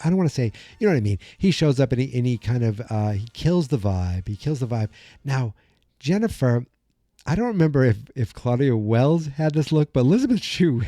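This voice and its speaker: A middle-aged man hosts a podcast in a very dark, mellow voice, rambling casually through his thoughts with many restarts. The sound is dry and close, with no room around it. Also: mid-range voice, dry recording. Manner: rambling, acts out movie lines in quick voices. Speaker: podcast host. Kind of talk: casual movie commentary.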